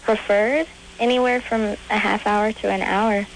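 A woman's voice: mid-range voice, steady tone, measured pace, slight background noise, poor audio. A young woman calling a radio show, with a small, little voice, speaking hesitantly and earnestly. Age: young adult. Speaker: caller. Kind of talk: call-in question.

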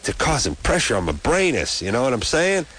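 A man's voice: medium pitch, wildly swooping pitch, fairly quick, a bit bright, husky. A man co-hosting a late-night call-in radio show, joking bluntly and riffing, with a sore throat and stuffy nose. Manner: joking, blunt, rambling riffs. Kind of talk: casual comic radio banter.

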